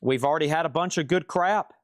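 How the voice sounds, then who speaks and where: A man hosting a live vinyl record sale stream from a record shop, calling prices in joking, rapid-fire patter and repeating his lines. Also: on the high side, no room sound, clean studio sound.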